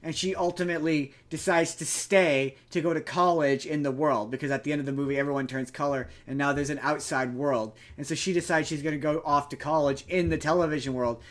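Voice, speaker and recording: A young man on a podcast talks through a film's plot in a rambling, casual way. He stops and restarts often and leans on fillers. His voice sits a little high. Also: steady tone, fairly quick. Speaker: podcast co-host. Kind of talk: casual movie chat.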